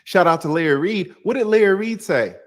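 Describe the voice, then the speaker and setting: A man's voice: high voice, animated, a little fast, background noise. A man, a retired defense attorney, giving joking legal commentary with laughing, playful asides.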